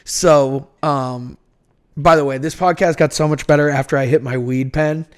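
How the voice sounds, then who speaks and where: A man's voice: on the high side, normal speed, smooth. Chatty man with a Boston accent. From North Shore of Massachusetts. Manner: animated storyteller, laughs easily. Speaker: podcast guest. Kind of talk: casual chat.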